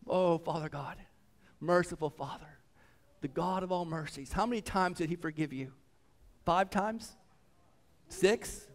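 A man preaching a sermon as pastor, swinging between loud fervent passages and hushed reverent ones, repeating phrases and calling out "come on.". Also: fairly high pitch, a little slow.

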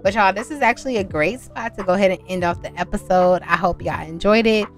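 A young woman hosts a casual game let's-play, speaking. She chats warmly with her viewers and often gets excited as she goes. Faint music plays softly behind her voice. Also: medium pitch, fast. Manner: chatty, excitable, talks to viewers as y'all. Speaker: gaming channel host.

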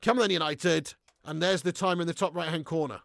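Brief: young male streamer, very gravelly, slightly high voice, sweary laddish banter. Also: fairly even intonation, a little fast, no room sound, studio quality. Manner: laddish banter, swears freely, reads chat aloud, bursts into shouts. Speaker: football watch-along streamer. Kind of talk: live stream chat and commentary.

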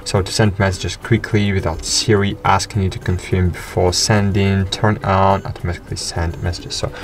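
Low-voiced man narrating a tutorial. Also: little pitch movement, soft background music. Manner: halting, with many fillers and restarts. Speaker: tutorial host. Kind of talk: screen-recorded how-to narration.

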